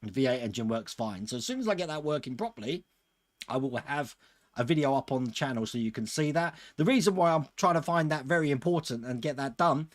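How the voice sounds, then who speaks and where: A man's voice: mid-range voice, expressive, fast. A man hosting a live stream, chatting casually with viewers and chuckling often. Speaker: host of a model-building channel.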